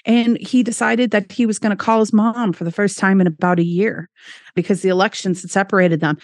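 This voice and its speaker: A woman keynote speaker, a guest on a podcast, telling travel stories in an enthusiastic, animated way and speaking straight to listeners. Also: medium pitch, brisk, dry recording, studio quality. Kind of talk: lively anecdotal storytelling.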